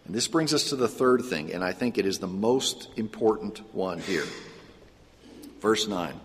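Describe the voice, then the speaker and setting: A man preaching a sermon, often putting questions to the congregation and pausing for an answer. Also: lowish voice, animated, husky. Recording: echoey hall with long reverb.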